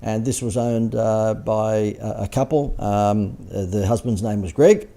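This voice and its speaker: A man's voice: on the low side, fairly even intonation, measured pace, creaky, warm tone. A man, a business coach talking through slides with dry, sarcastic asides and chuckles. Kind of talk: presentation over slides.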